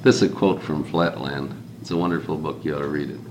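A man with a very low voice leads an informal group talk, reflective and rambling, building his points through repetition. He is recorded in an echoey room with faint background hiss. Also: fairly even intonation, fast talker. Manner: reflective, rambling, repeats "consider" for emphasis.

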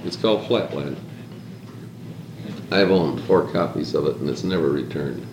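A man with a rumbling low voice speaks at a moderate pace, leading a small group in an informal conversation. He reflects and drifts, repeatedly asking them to "consider" things. The recording carries room echo and a faint hiss.

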